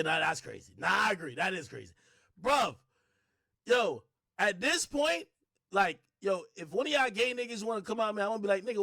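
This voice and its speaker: A man hosting a livestream, talking in a casual rant that swings from low mutters to shouted bursts. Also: no echo, studio quality. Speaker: livestream host.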